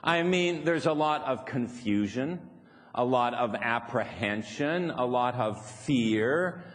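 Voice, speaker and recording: A man's voice: mid-range voice, lively intonation, takes it slowly. A man leading a live seminar, teasing and chuckling as he explains his point to the audience. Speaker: seminar speaker. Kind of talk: live motivational seminar talk. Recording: echoey hall, faint background noise.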